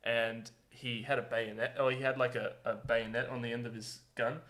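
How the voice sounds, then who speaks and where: A young man in casual conversation about video games. He talks in an animated way and laughs often. His voice sits at an ordinary, middle pitch. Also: moderate pace. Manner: animated, laughs often, acts out game moments. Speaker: podcast co-host. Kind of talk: casual gaming chat.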